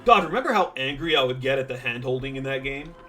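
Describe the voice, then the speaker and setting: A man's voice: mid-range voice, expressive, fast talker, bright, forceful tone, faint music behind. A man streaming a game and chatting casually with viewers, rambling with plenty of fillers and dry sarcastic asides. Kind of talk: casual gameplay chat with viewers.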